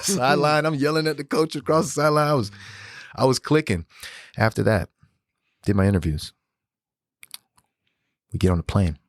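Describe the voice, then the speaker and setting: A man in his thirties, a podcast guest, telling animated, slangy, profane stories in casual conversation. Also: medium pitch, no echo, clean studio sound. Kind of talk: casual storytelling interview.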